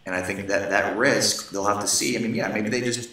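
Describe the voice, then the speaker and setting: A man guesting on a casual sports chat, giving measured, dry opinions and listing players. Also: on the low side, steady tone, pushed and bright. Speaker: guest commentator. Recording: very echoey room far from the mic.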